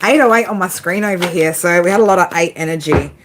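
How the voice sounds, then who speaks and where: A woman's voice: fairly low pitch, fast talker, background noise. A woman giving a casual tarot reading to her viewers, swearing freely, laughing often and talking straight to them. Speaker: tarot reader.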